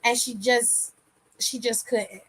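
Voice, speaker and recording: High-voiced swearing woman host. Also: steady tone, takes it slowly, fairly bright tone, husky. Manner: candid, swears freely, laughs often. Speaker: aftershow host reading chat. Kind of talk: casual livestream chat.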